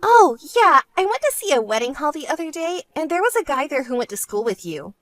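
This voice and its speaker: A woman voicing a vain, self-centered young woman who talks in a smug, whiny way and turns shrill when angry, in an animated story. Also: a little fast, no room sound, soft background music. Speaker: bride-to-be sister.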